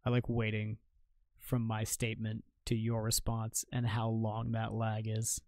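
A man's voice: on the low side, monotone, unhurried, vocal fry, a little mellow, dry recording. Joking, swearing young man streaming games. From Maine, United States. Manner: joking, swears freely, reacts to chat. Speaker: game streamer. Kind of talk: casual live-stream chat while gaming.

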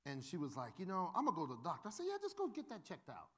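A male pastor with a fairly high-pitched voice preaches at a very fast clip. His sermon is animated and humorous, full of funny stories in which he acts out the voices of the people involved.

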